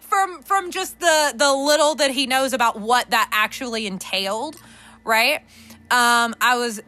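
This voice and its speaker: Bright-voiced candid woman podcaster. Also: high voice, a little slow. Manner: candid, swearing, laughs often, many fillers. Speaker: podcast host. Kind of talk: casual monologue.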